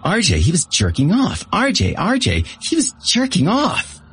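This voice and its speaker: A deep-voiced man voicing a giddy, gory young woman sidekick who squeals in a high, sing-song voice. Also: huge pitch swings, unhurried, fairly bright tone, a little hiss or hum. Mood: frantic glee.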